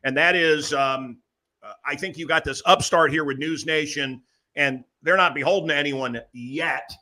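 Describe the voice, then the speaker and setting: A male talk show host with a bright, forceful voice that sits a bit high for a man. He talks in animated, emphatic bursts, leaning in with asides between louder pushes. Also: normal speed. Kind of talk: excited talk show chat.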